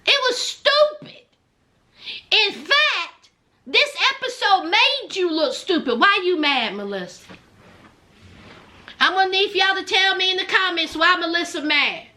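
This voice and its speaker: Sassy high-voiced woman recapping reality TV. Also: measured pace, pauses often. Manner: sassy, animated, addresses people on the show directly. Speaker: reality show recap commentator. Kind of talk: casual commentary recap.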